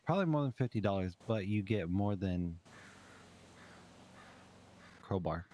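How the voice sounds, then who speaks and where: A man's voice: low-pitched, expressive, unhurried, darkish tone, a little hiss or hum. A man bantering in character during a roleplay session, teasing and easygoing. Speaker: roleplay player. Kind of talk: casual in-character roleplay chat.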